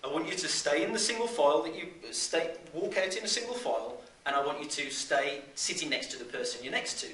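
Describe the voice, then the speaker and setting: A kindly Brummie schoolteacher, as a male speaker puts him on, with a broad Birmingham twang and a bright, carrying voice. He is heard from across an echoey room, and faint ambient noise sits underneath. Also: on the high side, animated, brisk, few pauses, recorded from a distance, voice pushed up. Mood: announcing.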